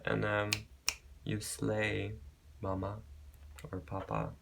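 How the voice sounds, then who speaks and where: A man giving a pick-a-card tarot reading, talking gently and reassuringly, rambling with restarts and calling listeners babe and beautiful soul. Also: on the low side, monotone, takes it slowly, creaky, background noise. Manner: affectionate, calls viewers babe and beautiful soul. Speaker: tarot reader.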